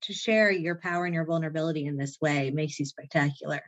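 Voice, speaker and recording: Effusive motivational woman, low voice. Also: fast, dull audio. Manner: effusive, laughs often, motivational. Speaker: podcast guest; author writing a self-care book. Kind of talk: enthusiastic conversation.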